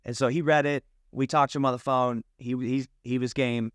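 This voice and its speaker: A man's voice: mid-range voice, fairly even intonation, a little fast, clean tone, dry recording, studio quality. A man, a film director, telling anecdotes in a casual interview and acting out the dialogue.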